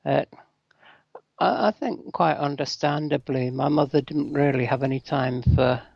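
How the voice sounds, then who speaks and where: An older man from England, a guest telling his life story in a thoughtful, soft-spoken way over a dull lo-fi line. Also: a little high, measured pace, creaky, no room sound. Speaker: interview guest. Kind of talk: interview.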